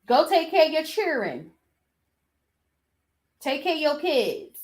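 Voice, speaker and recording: Sassy animated woman podcaster. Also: high-pitched, takes it slowly. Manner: sassy, animated, talks back at clips. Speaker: podcast host. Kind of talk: casual commentary.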